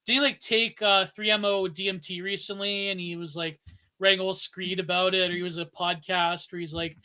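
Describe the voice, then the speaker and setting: A man's voice: high-pitched, level tone, fairly quick, pushed and bright, clean tone. A man chatting as a podcast guest, rambling with many fillers. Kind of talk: casual podcast chat.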